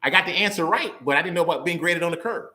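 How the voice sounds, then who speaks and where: A young man giving a conversational sermon, playful and animated, laughing often and acting out quick voices. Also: fairly high pitch. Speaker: preacher. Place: church hall. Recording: roomy echo.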